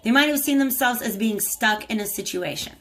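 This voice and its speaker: A woman's voice: on the high side, fairly quick, a bit bright. A woman giving a casual tarot reading, chatting to viewers and talking to the cards as she goes. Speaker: tarot reader.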